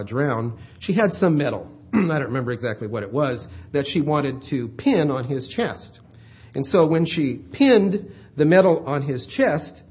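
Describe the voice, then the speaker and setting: A man's voice: a little high, slightly rough, highs cut off. A male pastor preaching a sermon in a conversational way, often checking in with his listeners. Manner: conversational, checks in with "all right?".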